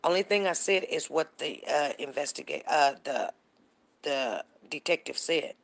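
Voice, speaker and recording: A woman's voice: low-pitched, animated, measured pace. A woman hosting a show, talking casually with a caller and repeating her points with emphasis. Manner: emphatic, repeats herself, quotes others. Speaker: show host. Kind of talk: casual talk with a phone caller.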